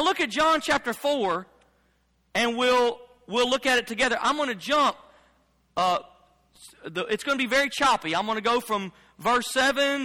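A man preaching in a church sanctuary, his voice very high and ringing bright. He speaks emphatically, repeating his phrases as he builds each point. The sound carries a long reverb from the hall. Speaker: pastor. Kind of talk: sermon.

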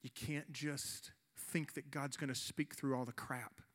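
Here a man in his forties, serving as a youth pastor, gives a heartfelt sermon with an altar call, pleading with the room and slowing down to stress key points. His mid-range voice holds a steady tone with a slightly bright edge.

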